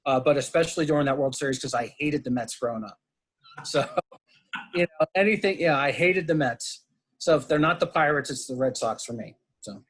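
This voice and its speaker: A man's voice: a little high, moderate pace, husky, rough recording. A middle-aged man appearing as a guest on a podcast, chatting casually and agreeably. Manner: relaxed, agreeable backchannels. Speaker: podcast guest, fundraising expert. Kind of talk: casual chat.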